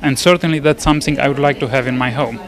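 A man visiting an exhibition answers interview questions in a measured, polite, thoughtful way. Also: medium pitch, fairly even intonation. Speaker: guest at an exhibition. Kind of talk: casual interview. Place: art gallery opening.

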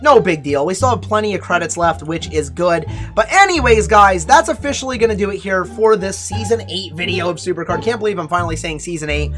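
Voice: medium pitch, expressive, a little fast, few pauses, a bit bright, faint music behind. A mobile game YouTuber opening card packs, counting down before each one and playfully overdramatic about bad luck. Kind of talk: casual game pack-opening commentary.

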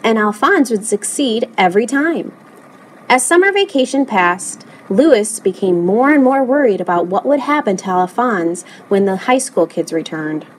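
A woman reading a children's picture book aloud in an expressive, animated way. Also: a little high, a little hiss or hum, low-quality recording. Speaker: storybook reader.

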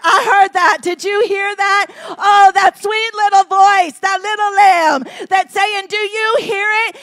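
A woman pastor preaching a sermon in a church, moving from hushed, intimate lines to shouted, passionate exclamations. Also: very high-pitched. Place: church sanctuary.

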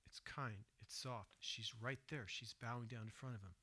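A man preaching a sermon in church, swinging between hushed, soft retelling and loud, emphatic asides, and asking his listeners direct questions. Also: medium pitch, fairly even intonation, moderate pace, few pauses, slightly rough. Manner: asks the congregation direct questions. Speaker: pastor. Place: church sanctuary.

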